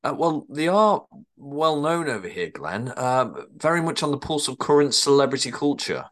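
A man's voice: a little high, lively intonation, normal speed, fairly bright tone, pitched above the performer's own voice. Man doing a flustered English manager, stammering, apologetic, comedy table read. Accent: English, drifting northern and southern. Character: flustered middle-aged male hotel manager.

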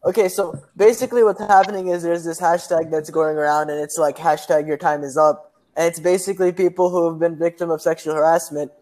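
A man's voice: a little high, level tone, brisk, darkish tone. A young man from Pakistan, a university student, telling a story in casual chat, acting out quotes. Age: young adult. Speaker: guest.

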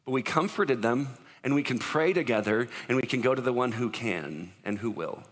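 Animated male pastor preaching in a hall. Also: mid-range voice, moderate pace. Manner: animated, conversational preaching with acted-out quotes. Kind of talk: sermon.

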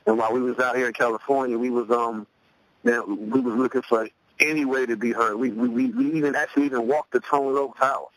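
A middle-aged man from Cleveland, a rapper guest, telling a story casually, often repeating words as he restarts, and lifting his pitch to act out quoted voices. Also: brisk, fairly bright tone, no echo, rough recording. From Cleveland, USA. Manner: loose, repeats words while restarting sentences.

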